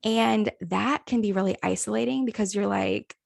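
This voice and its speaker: A young woman talks openly on a podcast in a heavily gravelly voice, swearing freely and filling her sentences with "like". She sounds close to the mic in a dry room with no echo. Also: medium pitch, fairly even intonation, normal speed. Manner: candid, swears freely, trails off with "like". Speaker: podcast co-host, therapist. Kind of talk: casual podcast chat.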